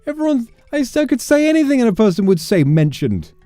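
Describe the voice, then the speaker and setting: A man's voice: very high-pitched, animated, fast, mellow, no echo, faint music behind. A young man chatting on a gaming livestream, rambling into mock-exasperated rants with plenty of swearing. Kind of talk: casual livestream chat while gaming.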